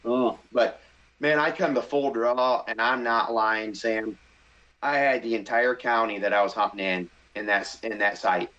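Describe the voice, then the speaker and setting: On a podcast, a middle-aged guest with a medium-pitched voice tells a story in casual conversation. He's animated and excitable, acting out his own inner voice at a measured pace, and the sound is lo-fi.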